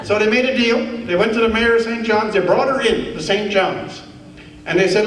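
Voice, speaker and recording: High-voiced man in echoey hall. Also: moderate pace. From Newfoundland, Canada. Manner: animated, wry, building to earnest rhetoric. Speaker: keynote speaker. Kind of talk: humorous storytelling speech. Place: large conference hall. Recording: echoey hall, heard from far off.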